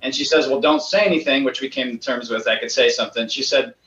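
A man's voice: mid-range voice, fairly bright tone. Guy on a call telling his story, earnest, sounds far off and roomy, kinda dull audio. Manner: earnest, a little halting. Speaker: guest. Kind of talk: casual storytelling. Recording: distant echoey lo-fi call audio.

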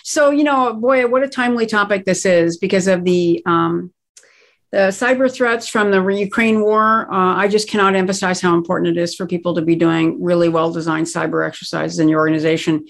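A woman's voice: lowish voice, fairly even intonation, a little fast, creaky. Emphatic woman explaining crisis planning. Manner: emphatic, explanatory, stresses key words. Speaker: guest expert on crisis planning. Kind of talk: conversational interview.

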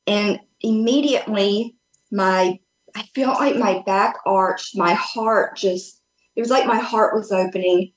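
Here a woman guest on a podcast, calling in remotely, recounts something personal in an unhurried, mid-range voice. She comes across as earnest and open, though casual and rambling, restarting often and leaning on fillers. Echo from the room is audible.

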